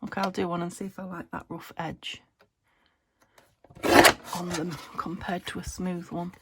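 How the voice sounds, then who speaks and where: A British woman vlogs about her crafts, chatting to camera and thinking aloud as she works, sometimes half-whispering. Her lowish voice is flat and unhurried, and there is heavy background noise.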